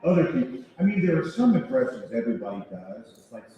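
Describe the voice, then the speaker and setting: A man in his sixties, a voice actor on a convention panel, telling animated, self-mocking stories with chuckles. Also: mid-range voice, quick pace, lo-fi sound. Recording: echoey hall picked up from far off.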